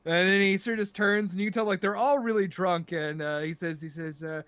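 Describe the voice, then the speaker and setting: A man's voice: high-pitched, steady tone, brisk, fairly bright tone, clean tone, no room sound. A man narrating as game master of a tabletop game, chatty and full of fillers, on a home microphone. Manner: chatty, laughing, many fillers.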